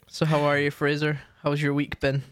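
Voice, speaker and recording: A young man chats loosely as co-host of a podcast. His voice sits a touch high, and he trips through fillers and restarts as he rambles on. The sound is dry and close, with no room around it. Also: no echo. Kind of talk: casual chat.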